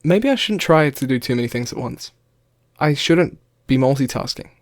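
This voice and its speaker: A man's voice: medium pitch, lively intonation, moderate pace, no echo, studio quality. A young man in his bedroom, chatting off the cuff and reacting to his own old video, nervous and self-mocking, laughing often. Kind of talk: casual unscripted reaction chat. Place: bedroom floor, indoors.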